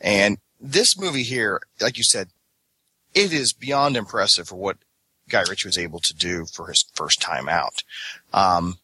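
Low, husky-voiced podcast co-host. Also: male voice, lively intonation, unhurried, sharp tone, no room sound. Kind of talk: casual podcast chat.

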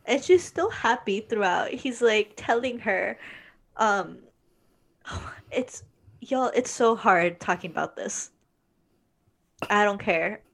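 A young woman co-hosts a relaxed conversation. She rambles, sighs often and gets emotional as she speaks, with fillers between her thoughts. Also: medium pitch, slow pace, vocal fry, pauses often. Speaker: podcast co-host. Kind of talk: casual chat about an anime series.

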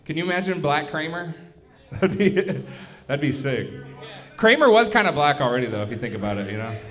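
Guy hosting a comedy night, kinda high voice, swears a lot, riffs with the crowd. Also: big pitch swings, fairly quick, fairly bright tone. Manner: loose, profane banter with the crowd. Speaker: comedy show host. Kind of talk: live stand-up club hosting. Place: comedy club stage.

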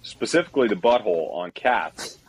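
A man's voice: on the low side, expressive, brisk, husky. A man co-hosting a podcast in casual, jokey, rambling chat. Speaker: podcast co-host.

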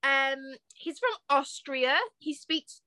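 A young woman co-hosting a podcast in casual chat, laughing often and filling pauses with ums. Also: high voice, level tone, bright, forceful tone, no room sound. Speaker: podcast co-host.

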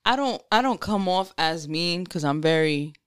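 A young woman hosts a podcast in a smooth, clear voice at a middling pitch. She talks reflectively and openly about herself, in relaxed slang. The recording is dry and close. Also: normal speed, no room sound. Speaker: podcast host. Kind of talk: casual podcast chat.

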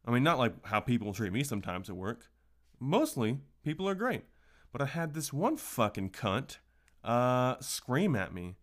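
A man's voice: mid-range voice, big pitch swings, moderate pace. A man hosting a casual solo podcast, telling stories in a profane, ranting way. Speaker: podcast host.

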